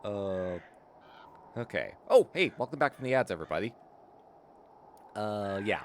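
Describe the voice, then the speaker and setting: Chatty streamer with a lively voice. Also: male voice, on the low side, normal speed, long pauses, slight background noise. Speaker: streamer playing a mystery game. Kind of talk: casual live-stream commentary.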